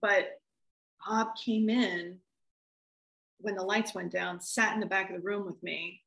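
A woman film director talking casually in an interview, animated and laughing as she acts out what people said. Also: medium pitch, measured pace, vocal fry, reverberant, low-quality recording.

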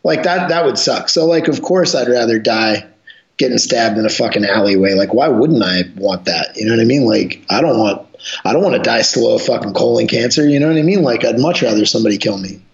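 A man's voice: mid-range voice, fairly quick. A man telling wild stories in a casual, profane, rambling chat. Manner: profane, rambling, animated storyteller. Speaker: podcast guest, jiu-jitsu instructor. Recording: roomy, dull lo-fi sound.

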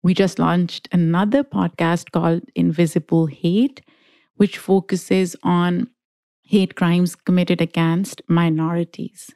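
A woman from Pakistan, a guest on a podcast, answering in a measured, earnest way. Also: on the low side, little pitch movement, dark tone, no room sound. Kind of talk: interview answers.

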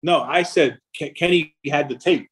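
Husky-voiced man telling profane stories. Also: a little high, moderate pace, rough recording. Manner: profane, animated anecdotes. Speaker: record label founder. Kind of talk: casual storytelling interview.

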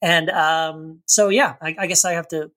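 A man's voice: fairly high pitch, steady tone, moderate pace, bright, forceful tone, rough recording. A man with a slight Texan accent co-hosting a podcast in casual chat, rambling and correcting himself. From Texas. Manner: rambling, self-correcting, playful. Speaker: podcast co-host.

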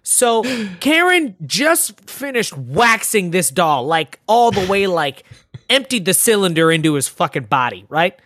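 A woman's voice: lowish voice, a little slow, dry recording, studio quality. A woman co-hosting a movie podcast in casual chat, acting out scenes and swearing. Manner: animated, acts out scenes, profane. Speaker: podcast co-host.

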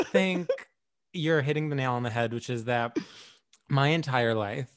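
A man's voice: medium pitch, a little slow, clean tone, no echo, studio quality. A man co-hosting a podcast, talking in a bemused, self-conscious way during casual banter. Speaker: podcast co-host.

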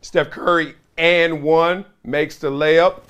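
A middle-aged man hosting a podcast in a casual monologue, acting out conversations with sudden loud and soft swings. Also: a little high, steady tone, slow, clear, resonant tone. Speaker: podcast host.

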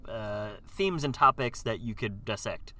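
A man's voice: lowish voice, lively intonation, a little slow, bright, forceful tone. A man co-hosting a podcast, chatting casually about a film with jokes and blunt verdicts. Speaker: podcast co-host. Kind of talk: casual film review chat.

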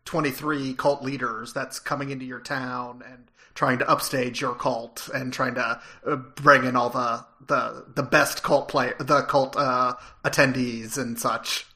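A man on a sports podcast, chiming in casually with quick interjections and restarts. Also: mid-range voice, flat delivery, bright, forceful tone.

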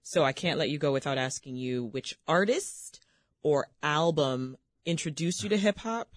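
Fairly high-voiced male radio host. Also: animated, moderate pace, no echo, clean studio sound. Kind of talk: radio interview. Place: radio studio. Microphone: studio microphone.

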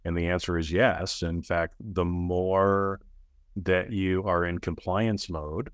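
This podcast guest, head of an audit training company, has a low, smooth voice with fairly even intonation and a slow delivery, recorded dry. Blunt and given to casual profanity, he speaks emphatically, keeps asking "right?" and performs quoted people in a raised voice.

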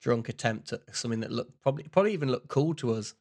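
A man's voice: mid-range voice, expressive, fast, a little mellow. A man co-hosting a podcast, chatting in a rambling, self-mocking way. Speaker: podcast co-host. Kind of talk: casual chat.

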